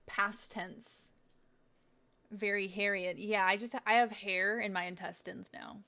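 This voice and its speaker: A woman's voice: medium pitch, steady tone, measured pace, pushed and bright. A woman streamer chatting casually while she tastes snacks on a live stream, self-mocking and swearing freely.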